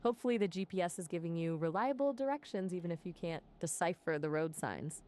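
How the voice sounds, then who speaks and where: A woman's voice: fairly low pitch, lively intonation, fast, darkish tone. A synthetic woman's voice acting as an AI companion, chatty and full of playful quips. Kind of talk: conversational AI chat.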